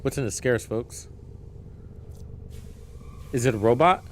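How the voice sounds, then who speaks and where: A man live-streaming a game, chatting casually, thinking out loud and swearing freely as he learns the menus. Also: medium pitch, a little slow, slight background noise.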